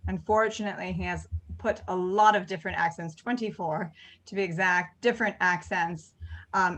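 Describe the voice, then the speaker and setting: A woman's voice: medium pitch, a bit bright, rough recording. A woman directing a theater group, hosting a casual question-and-answer session over a video call, talking with many ums and restarts. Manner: chatty, frequent ums and restarts.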